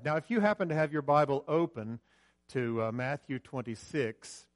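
Pastor, male, higher-pitched, chatty sermon delivery that swells loud then drops to quiet asides, church sanctuary. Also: lively intonation, moderate pace. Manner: conversational, swings between loud emphasis and quiet asides; directs the slide operator mid-talk.

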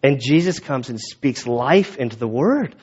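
A man's voice: medium pitch, expressive, darkish tone, husky. A male pastor giving a casual, conversational sermon, in a dull lo-fi recording. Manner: casual, quick, conversational with restarts.

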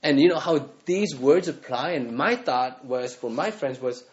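A man's voice: mid-range voice, expressive, measured pace, highs cut off. Earnest male pastor preaching in conversational style. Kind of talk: sermon.

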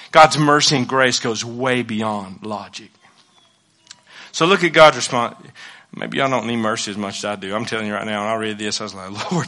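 A male pastor preaching a sermon with passion, moving between loud declarations and hushed asides and repeating his phrases. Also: mid-range voice.

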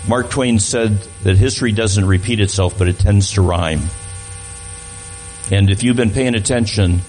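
Visiting a church as a guest, a man talks to the congregation in a conversational manner, frequently restarting sentences and repeating words along the way. He speaks at a moderate pace in a lowish, slightly mellow voice, with slight background noise and low recording quality.

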